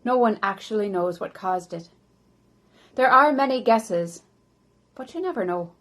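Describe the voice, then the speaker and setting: A woman acting as a dead older man who narrates his life story in a first-person historical monologue, often dropping soft and slow. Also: medium pitch, lively intonation. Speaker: volunteer actor.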